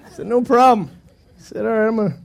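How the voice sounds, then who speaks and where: A pastor telling a long, self-mocking story during a sermon, acting out the quotes with lots of energy. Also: male voice, high voice, fast talker, gravelly.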